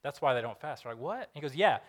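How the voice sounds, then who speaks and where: A man's voice: medium pitch, very fast. A young man preaching a sermon in a casual storytelling way, acting out the voices of the people in the story.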